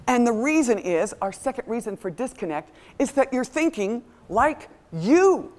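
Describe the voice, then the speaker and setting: A middle-aged woman giving a motivational talk to a live audience, telling stories with lively acted-out voices. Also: fairly high pitch, moderate pace. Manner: animated storytelling, acts out quoted voices. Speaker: motivational speaker.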